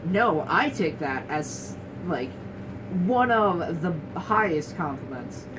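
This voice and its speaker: Lively young woman, wry and candid. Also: on the low side, takes it slowly, far from the mic. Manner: candid, wry, restarts often, mimics others mid-sentence. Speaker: guest sharing her experience. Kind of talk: casual talking-head chat. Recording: voice a bit off-mic with clear room noise.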